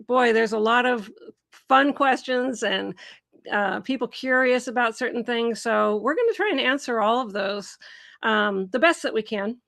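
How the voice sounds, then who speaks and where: A woman's voice: fairly high pitch, normal speed, creaky, a bit bright. Bubbly woman host of a live chat. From Seattle area, USA. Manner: bubbly, laughs often, reads out viewer comments.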